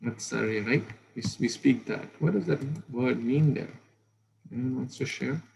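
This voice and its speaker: A man's voice: mid-range voice, normal speed, gravelly, darkish tone, slight background noise, low-quality recording. A man giving a conversational scripture class, asking listeners rhetorical questions and murmuring "hmm".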